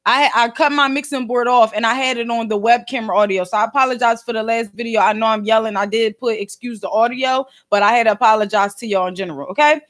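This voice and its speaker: A woman in her thirties with a Philadelphia accent, casually telling a story straight to her viewers in animated, slangy talk. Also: on the high side, fast, hardly any pauses. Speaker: podcast and video host.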